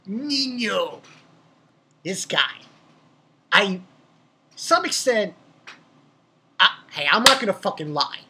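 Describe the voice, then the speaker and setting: Young man, manga review vlog, husky, bright tone, lively swinging pitch, rambling. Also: unhurried, pauses often. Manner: rambling, excitable, swears freely, laughs at own jokes. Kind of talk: casual chapter review.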